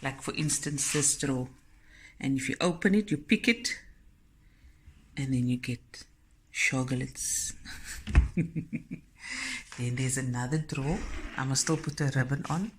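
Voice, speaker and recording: A woman's voice: a bass voice, normal speed, slight background noise. A South African woman hosting a cooking channel, chatting in a homely way as she shows her guests' gifts and food at home. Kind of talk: casual vlog chat.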